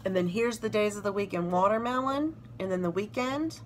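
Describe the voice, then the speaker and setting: A woman's voice: medium pitch, fairly quick, a little hiss or hum. A woman from South Carolina with a Southern accent, casually showing off planner stickers and gushing over them. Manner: gushing, reads sticker phrases aloud. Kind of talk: casual show-and-tell narration.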